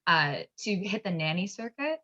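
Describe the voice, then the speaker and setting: Bright-voiced young woman, chatty. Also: lowish voice, sing-song, moderate pace. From upstate New York. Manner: chatty, lots of "like" fillers, laughs often. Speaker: podcast guest, actor and comedian. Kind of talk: casual chat. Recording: dull lo-fi sound.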